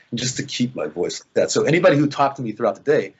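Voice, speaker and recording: A man's voice: mid-range voice, very animated, very fast, breathy edge, lo-fi sound. A man, an actor, chatting in an interview, rambling with lots of fillers and restarts. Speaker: actor guest. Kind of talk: casual interview chat.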